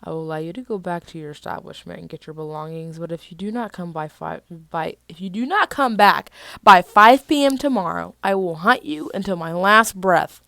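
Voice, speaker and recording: Brief: a woman voicing a controlled, threatening vampire boy, low and gravelly. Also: a little fast, dry recording. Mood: menacing. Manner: calm, commanding, threatening. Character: cold, menacing young male vampire.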